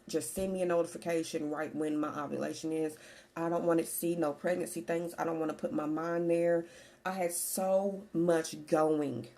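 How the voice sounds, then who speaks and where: A woman in her forties speaks candidly and in a chatty way to her vlog audience, looping back over her points. Her voice sits low and has a gravelly edge. The tone is dark and mellow. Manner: candid, chatty, repeats herself. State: slightly out of breath. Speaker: vlogger. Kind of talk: casual personal vlog.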